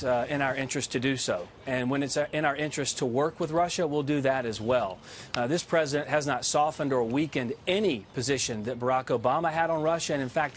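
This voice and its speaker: Man giving steady talking points on air. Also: medium pitch, a little hiss or hum. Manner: steady talking-points delivery, many filler pauses. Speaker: deputy White House press secretary. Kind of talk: TV news interview guest.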